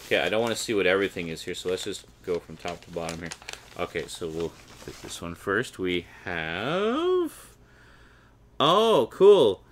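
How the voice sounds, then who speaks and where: A man's voice: low-pitched, big pitch swings, normal speed. A Canadian man chatting casually and wryly while opening a package and reading out the blurbs. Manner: chatty and wry, reading blurbs with mock enthusiasm. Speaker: unboxing vlogger.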